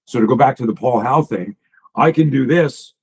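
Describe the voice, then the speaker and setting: A man's voice: medium pitch, normal speed, darkish tone, breathy edge, low-quality recording. A man, a self-defense coach, talking as a guest in a casual podcast conversation, emphatic and profane, piling up stories and restarting sentences.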